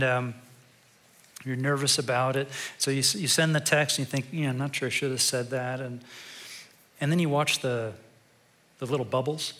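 A male pastor giving a sermon in a conversational, storytelling way, turning quiet and reflective at times. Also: medium pitch.

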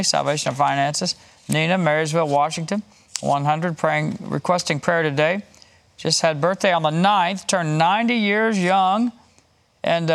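A man's voice: fairly high pitch, creaky. A man hosting a Christian broadcast, reading donors' names, places and prayer requests with light chuckles. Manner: warm, chuckling, reads names and places in a list. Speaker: host reading donations.

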